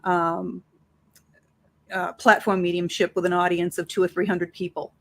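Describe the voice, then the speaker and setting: A woman, a psychic medium, talking as an interview guest and telling stories with lively acted-out dialogue. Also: fairly low pitch, moderate pace. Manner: animated, acts out dialogue in her stories. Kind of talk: conversational interview storytelling.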